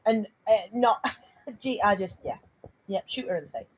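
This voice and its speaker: A woman's voice: mid-range voice, lively intonation, moderate pace, breathy edge, lo-fi sound. A woman co-hosting a podcast, reacting bluntly and swearing in casual chat. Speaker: podcast co-host.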